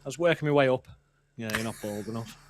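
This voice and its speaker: A man's voice: mid-range voice, quick pace, a little hiss or hum. A man, chatting casually as a co-host and telling rambling stories that break off and restart. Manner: rambling, self-interrupting storyteller. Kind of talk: casual chat.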